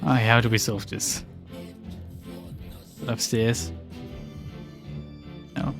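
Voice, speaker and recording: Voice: medium pitch, steady tone, extremely slow, gravelly, over music. A streamer giving casual let's play commentary in an exasperated, sarcastic tone, often swearing.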